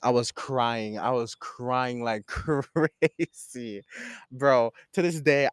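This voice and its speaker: Young man from Jamaica, casual storytelling, slangy, swings between laughing and hushed, dry close sound. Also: medium pitch, dry recording.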